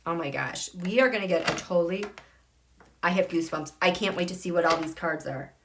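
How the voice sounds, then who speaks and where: A woman hosting a live tarot and astrology stream, excitable and gushing, swinging between loud exclamations and soft murmurs. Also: fairly low pitch, fairly quick, background noise. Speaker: tarot and astrology channel host.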